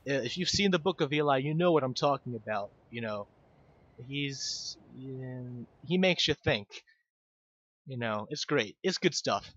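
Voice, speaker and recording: Male game commentator, rambling and self-mocking, lively pitch, dull lo-fi mic with game music under it. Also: a little slow, breathy edge. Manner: rambling, self-deprecating, stumbles over words. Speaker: gaming video host.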